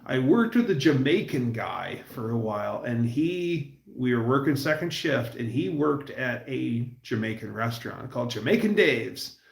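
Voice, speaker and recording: Livestream host, male, gravelly and casual, rambling storyteller, roomy echo. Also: mid-range voice, animated. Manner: rambling, storytelling, puts on quick voices for quotes.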